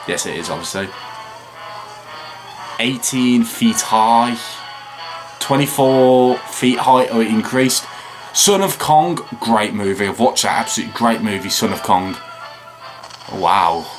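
A tired man hosting a video reaction, rambling and chatting with frequent excited remarks and laughs. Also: mid-range voice, measured pace, pauses often, over music. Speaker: reaction channel host. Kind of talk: casual video reaction commentary.

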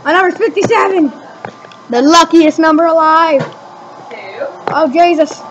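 A woman giving casual gameplay commentary as a channel host, excitable, shouting and swearing at other drivers. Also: very high voice, measured pace, lo-fi sound. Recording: light background noise.

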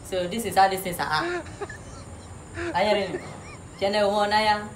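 A woman's voice: mid-range voice, level tone, moderate pace. Mock-bossy woman as a comic teacher, noisy room behind her. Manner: mock-authoritative, teasing, repeats words with laughs. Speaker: comedian playing a teacher. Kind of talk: comic classroom sketch. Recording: noisy background.

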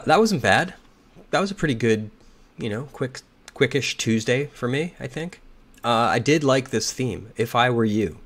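A slightly hoarse man thinking aloud as he solves a crossword, reading clues and muttering and second-guessing his answers. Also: fairly low pitch. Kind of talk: thinking aloud while solving.

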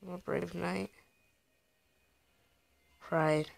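Slow, gravelly-voiced young guy gaming. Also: high-pitched, level tone. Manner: rambling, heartfelt, talks to viewers. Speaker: gaming video creator. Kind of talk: casual gameplay commentary.

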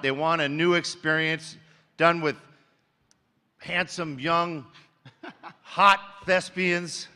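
A boisterous man with a high, very bright and forceful voice riffs on a convention panel. He teases the crowd in a crass, mock-insulting way. The sound carries the long echo of a big hall, with faint ambience behind it. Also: a little hiss or hum. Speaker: panelist, film producer. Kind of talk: brash comic convention banter.

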